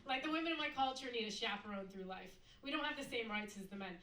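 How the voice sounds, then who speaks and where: A woman performing a stand-up comedy set on a club stage, mixing a deadpan delivery with sudden loud mock outbursts. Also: on the high side, fast talker. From United States. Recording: echoey club recorded from a distance.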